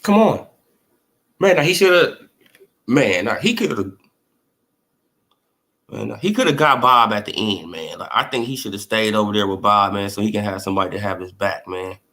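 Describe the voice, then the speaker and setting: A man's voice: lively intonation, normal speed, pauses often, sharp tone. A man giving casual boxing opinions, loose and slangy, often asking if you feel what he's saying. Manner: acts out imagined dialogue in swinging pitch. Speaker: boxing commentary vlogger.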